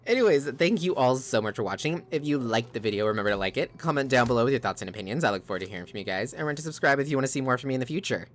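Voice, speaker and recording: A man's voice: mid-range voice, lively intonation, very fast, few pauses, a little hiss or hum. A man hosting a let's play, chatting casually to his viewers on a desk microphone. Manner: chatty, addresses viewers as guys. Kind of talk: casual gaming commentary.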